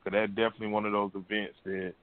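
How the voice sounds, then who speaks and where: Laid-back male radio host, low monotone voice, heard over a phone line. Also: rapid-fire, dry recording. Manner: laid-back slang, frequent "you know what I'm saying". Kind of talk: casual call-in chat.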